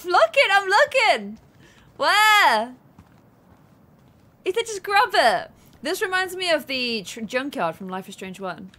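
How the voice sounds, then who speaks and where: A woman's voice: extremely high pitch, very animated, slow pace, long pauses, sharp tone. A young woman giggling and thinking aloud as she plays a story game, thanking her viewers along the way. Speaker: gaming streamer. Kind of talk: let's play commentary.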